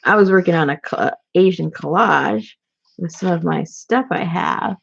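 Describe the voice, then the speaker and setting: A woman's voice: on the low side, normal speed, gravelly, slightly rough, lo-fi sound. A woman chatting casually in a vlog, giggly and rambling as she shows off handmade gifts. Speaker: crafter showing handmade gifts.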